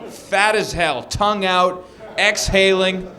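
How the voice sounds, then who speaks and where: A man performing a stand-up comedy set, telling animated stories and acting out shouting characters. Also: high voice, slow.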